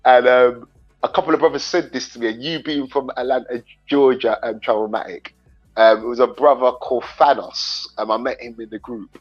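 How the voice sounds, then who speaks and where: British man, male host, animated and slangy, dull lo-fi sound, faint music behind. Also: mid-range voice, normal speed. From England. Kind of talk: casual chat.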